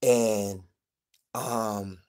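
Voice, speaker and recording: A man's voice: on the low side, fairly even intonation, extremely slow, warm tone. A man from the Pittsburgh area telling a casual vlog story in profane street slang, rambling and restarting, checking in with "you dig?". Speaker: vlogger telling prison stories.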